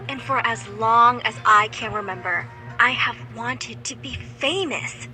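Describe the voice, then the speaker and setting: Bright-voiced woman narrating as a teen girl. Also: fairly high pitch, unhurried, soft background music. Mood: determined. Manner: earnest, expressive first-person telling. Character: teen girl dreaming of rock stardom. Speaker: story narrator. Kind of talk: animated story narration.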